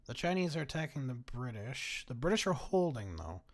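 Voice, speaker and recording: A man's voice: mid-range voice, sing-song, moderate pace. A young man giving casual strategy-game commentary, laughing often and swearing freely. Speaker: gaming commentator.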